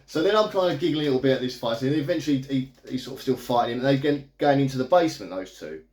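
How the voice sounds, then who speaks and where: A man's voice: medium pitch, lively intonation, fast talker, darkish tone. A man in a casual video review, recapping a movie plot in a chatty, amused, rambling way. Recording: echoey room.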